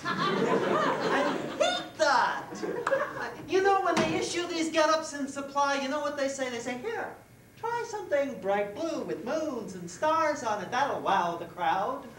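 In a live solo theater performance, a woman plays a flustered, giggly goddess-in-training who chats directly with the audience, using an exaggerated, high, sing-song voice and taking it slowly. The echoey room, distant mic and crowd and background noise are all audible.

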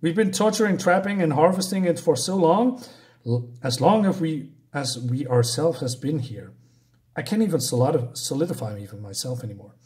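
A man's voice: fairly high pitch, expressive, normal speed, a little mellow, lightly acted. Man doing a weary demon servant woman.

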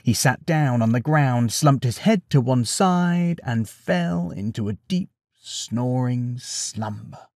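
A man narrating a bedtime story in an expressive, animated way. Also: medium pitch, slow, dry recording.

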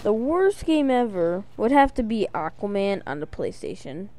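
A woman giving casual commentary while playing a shooter, rambling and jokey, her voice jumping into high excited bursts. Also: normal speed, slight background noise. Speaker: let's play commentator.

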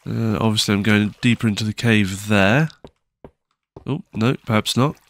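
A man's voice: fairly low pitch, normal speed, a bit bright. A man giving casual, nervous commentary while playing a video game, with frequent startled exclamations and self-mocking asides. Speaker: gaming channel host.

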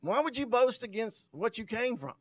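A male pastor preaches in a fairly high voice, reading scripture aloud and then unpacking it for his congregation. His loudness swells and drops for emphasis as he drives his points home. The recording is close and dry, with no room echo. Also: sing-song, normal speed. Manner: loudness rising and falling sharply for emphasis. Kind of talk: sermon.

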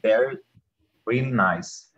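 A man's voice: medium pitch, slow pace, a bit bright, highs cut off, slight background noise. A man reading the part of a friendly young man in a hurry, hesitant and careful, in a classroom role-play. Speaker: student reading a dialogue.

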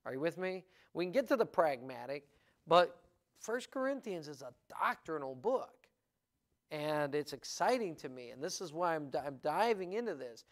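A man's voice: a little high, sing-song, moderate pace. Earnest man preaching a sermon. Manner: earnest preaching that builds in energy, with fillers and restarts. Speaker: pastor. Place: church sanctuary.

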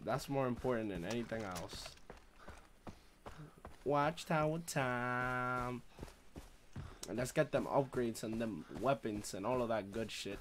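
A young man streaming a shooter game live, swearing and trash-talking through casual commentary with sudden loud outbursts. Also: mid-range voice, takes it slowly, pauses often, a little hiss or hum. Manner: profane, loud, reacts with outbursts and trash talk. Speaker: gaming streamer.

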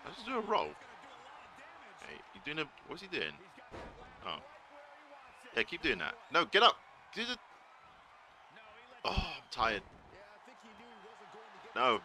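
A man streaming a wrestling video game live, excitedly commentating, swearing and shouting at the screen. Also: fairly high pitch, takes it slowly, long pauses. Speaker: gaming streamer.

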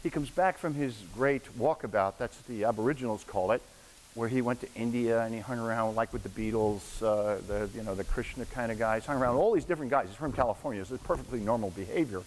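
Speaking fast in a mid-range voice, a sixty-something guest lecturer gives a casual storytelling lecture to an audience in a university hall. When he quotes someone, he puts on voices; the hall is echoey and there's a faint hiss.

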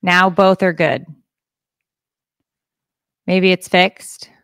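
Slow-talking woman podcast co-host, dry sound. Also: lowish voice, steady tone, a bit bright, clear, resonant tone, no echo. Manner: rambling, laughing, crude joking. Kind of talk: casual chat. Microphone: podcast microphone.

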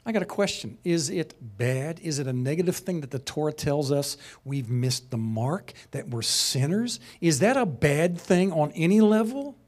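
A man's voice: on the high side, expressive, normal speed, few pauses, a little mellow. A man teaching a sermon-style lesson, conversational and passionate, rising to emphatic peaks. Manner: conversational asides, chuckles.

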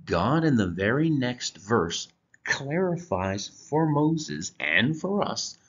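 A man teaching a Bible lesson from slides, explaining deliberately with occasional halting restarts. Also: mid-range voice, very animated, fairly bright tone. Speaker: church teacher. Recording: dull lo-fi recording.

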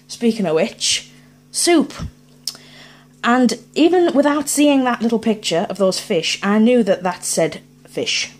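A woman, chatting casually as she unboxes items on her vlog and thinks aloud in a playful way. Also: fairly high pitch. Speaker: unboxing vlogger.

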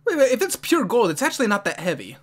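An excitable anime reaction host gives casual commentary at a fast clip, laughing a lot and talking back to the screen. The voice sits at a medium pitch.

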